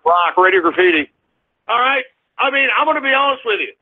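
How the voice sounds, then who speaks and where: A man hosting a radio show in a profane, combative rant, yelling in bursts. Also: very high voice, lively intonation, a little fast. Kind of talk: ranting call-in radio monologue. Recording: lo-fi phone-like radio audio.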